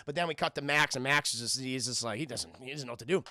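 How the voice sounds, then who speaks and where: A man's voice: medium pitch, very fast, hardly any pauses, sharp tone, dry recording, studio quality. A man casually retelling and reviewing a cartoon episode for his live chat, rambling, swearing and restarting often. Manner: rambling, profane, keeps addressing the chat, frequent restarts.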